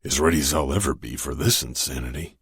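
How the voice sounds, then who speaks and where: Man voicing a weary enforcer, dry, resigned, very deep, gravelly, close dry sound. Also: quick pace, a bit bright, no echo, full character voice. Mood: wry.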